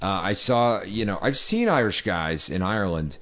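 Co-host, man from Boston, low voice, crude deadpan banter. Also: normal speed. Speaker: podcast co-host. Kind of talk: casual chat.

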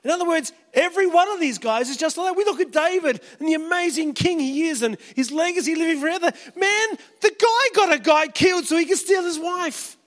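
A man preaches a sermon in a relaxed storytelling style. His voice sits unusually high for a man. A long reverb from a big hall trails every phrase. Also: a little fast, few pauses. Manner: casual, storytelling, acts out quotes. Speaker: pastor.

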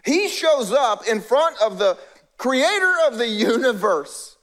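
High-voiced pastor preaching conversationally. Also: male voice, sing-song, slow pace, a bit bright. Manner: conversational preaching with acted-out voices of biblical characters. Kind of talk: sermon.

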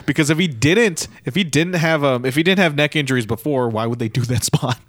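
Excitable man chiming in, dry sound. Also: fairly high pitch, fairly quick, dry recording. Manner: excitable, bursts in with thoughts. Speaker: podcast co-host. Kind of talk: casual wrestling talk.

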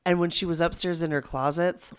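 A man's voice: a little high, steady tone, a little fast, smooth. A man co-hosting a podcast, retelling scenes animatedly, quoting others and swearing. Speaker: podcast co-host. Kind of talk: casual chat.

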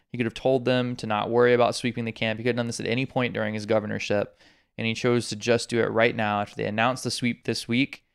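Brief: male co-host, casual sarcastic news commentary, gravelly texture. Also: lowish voice. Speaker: podcast co-host. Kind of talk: casual political chat.

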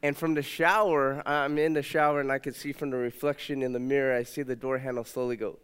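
A man's voice: little pitch movement, fairly quick, clear, resonant tone. Man preaching in a reverberant church. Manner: warm storytelling, puts on a high toddler voice for his daughter. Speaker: pastor. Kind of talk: sermon. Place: church sanctuary. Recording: long reverb of a church hall.

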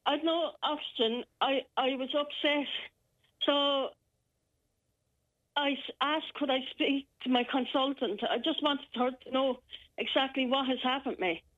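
Irish lady calling in, high voice, stops and restarts a lot, sounds shaken. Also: fairly even intonation, a bit bright. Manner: halting, shaken retelling with many restarts. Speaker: caller. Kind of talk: phone-in personal account. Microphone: telephone. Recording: muffled telephone line.

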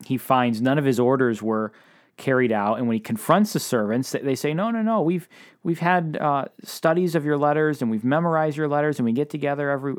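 A man preaching a sermon in an earnest, conversational way, with frequent fillers. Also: fairly low pitch.

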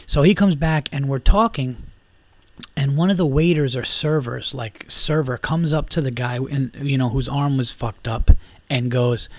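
A podcast host tells a bar story in a casual, rambling way, swearing often and full of fillers and restarts. His voice is medium-pitched at a moderate pace, with no echo.

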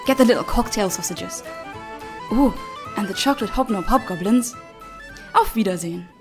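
A man's voice: sits high, normal speed, music in the background, pitched above the performer's own voice. A man voicing a gushing, flamboyant female chancellor of a dragon people with a put-on German accent, formal and theatrical.

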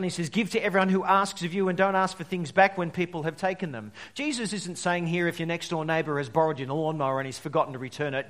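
A male pastor preaching a sermon, telling stories and swinging between loud emphasis and quiet drops. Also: a little high. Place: church service.

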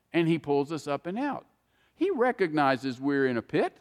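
A man's voice: on the high side, very animated, measured pace, long reverb tail. A man preaching a sermon, earnest and speaking straight to his listeners. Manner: earnest, addresses listeners directly by name.

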